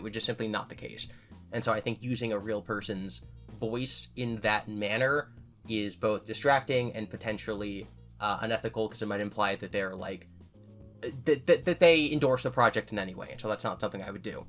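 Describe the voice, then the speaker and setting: A man's voice: lowish voice, brisk, fairly bright tone, faint music behind. A man hosting his own channel, answering viewer questions in casual chat and thinking aloud with frequent restarts.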